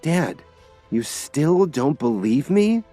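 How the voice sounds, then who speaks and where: A man's voice: medium pitch, huge pitch swings, unhurried, a little mellow, slightly rough, soft background music, voice pushed up, exaggerated voice. A man narrating an audiobook and voicing an exasperated young woman who pleads with her father.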